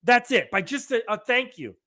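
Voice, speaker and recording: High, bright-voiced man ranting emphatically. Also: sing-song, moderate pace. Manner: emphatic, repeats "right?" and acts out quoted dialogue. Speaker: podcast host. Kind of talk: energetic solo rant.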